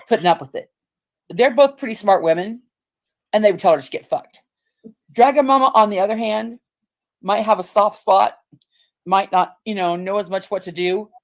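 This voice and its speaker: A woman hosting a livestream, talking in a blunt, profane and rambling way. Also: medium pitch. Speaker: livestream host. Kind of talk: casual ranting livestream chat.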